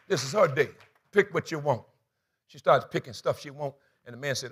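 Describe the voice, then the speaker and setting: A man's voice: fairly high pitch, fast, sharp tone, breathy edge. A man preaching a sermon as pastor, telling a comic story and acting out the dialogue with energy.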